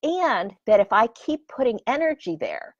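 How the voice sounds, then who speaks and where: A woman who teaches flirting and dating, talking casually in an animated, expressive way. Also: on the high side, normal speed, no room sound, lo-fi sound. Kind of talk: casual talk.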